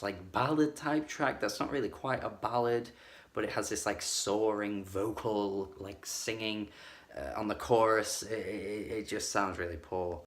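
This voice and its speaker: A man giving a casual spoken album review, blunt and critical, with lots of "like" fillers. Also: lowish voice. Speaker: music reviewer.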